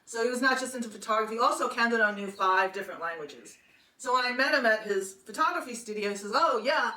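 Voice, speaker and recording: Talking fast in a pushed, bright, fairly high voice, a sixty-something podcast host rambles chattily through a long story from her own life, laughing frequently. The mic is distant and the room echoes, with faint background noise.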